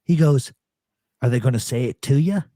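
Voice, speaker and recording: A man's voice: mid-range voice, moderate pace, no room sound, studio quality. A man hosting a live talk show, telling stories in casual chat and acting out the voices of people he quotes. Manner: animated storyteller, acts out quoted voices.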